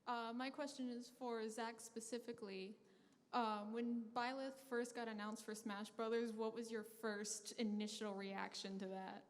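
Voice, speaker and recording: A woman's voice: a little high, steady tone, unhurried. A woman fan asking a question eagerly at a convention Q&A. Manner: eager fan, shy laugh. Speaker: audience member asking a question. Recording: long hall reverb.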